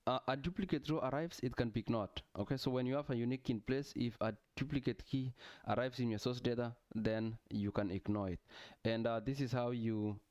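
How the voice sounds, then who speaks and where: A man's voice: medium pitch, a little mellow, clean tone, no room sound. Man explaining a tech tutorial. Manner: explanatory, frequent "okay" and "uh" fillers. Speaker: tutorial instructor. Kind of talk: screen-share tech tutorial.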